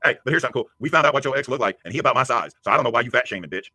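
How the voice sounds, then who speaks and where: Man, angry profane rant, dry close sound, rapid-fire. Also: mid-range voice, animated, no room sound. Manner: profane, aggressive, shouting insults. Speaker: livestreamer.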